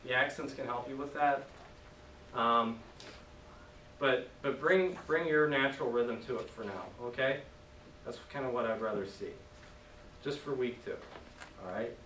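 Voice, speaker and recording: A man's voice: medium pitch, measured pace, long pauses, pushed and bright. A man teaching a language class, patient and joking, leading his students in call-and-response drills. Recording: echoey room from far off, faint noise.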